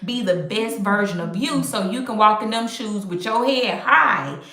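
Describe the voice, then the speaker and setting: An upbeat, animated woman hosting a casual live stream from home, talking straight to her viewers. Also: mid-range voice, moderate pace. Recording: echoey room.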